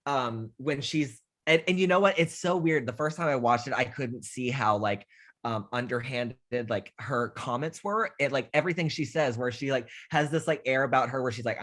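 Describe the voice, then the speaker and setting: A young man hosting a casual film chat, rambling and animated, swearing freely and acting out scenes he loves. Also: mid-range voice, normal speed. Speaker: podcast host.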